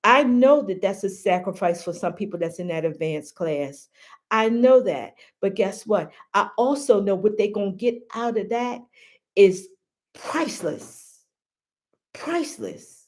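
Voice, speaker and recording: A woman's voice: mid-range voice, moderate pace, darkish tone. Woman, live-stream host, heartfelt and emphatic, loose casual talk to her viewers, says things twice. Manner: emphatic, repeats phrases, calls viewers baby and y'all; heartfelt, grateful.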